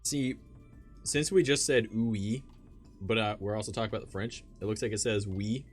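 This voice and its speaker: A man's voice: fairly low pitch, a little fast, faint music behind. A man in his twenties, streaming and chatting casually, blunt and profane, laughing often. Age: 20s. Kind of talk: casual chat on a live stream.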